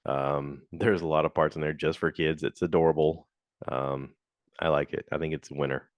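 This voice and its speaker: A man's voice: flat delivery, normal speed, no echo. A man hosting a casual solo podcast, rambling through reviews with lots of fillers and acted-out quotes. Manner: rambling and chatty, acts out quotes in high voices. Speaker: podcast host.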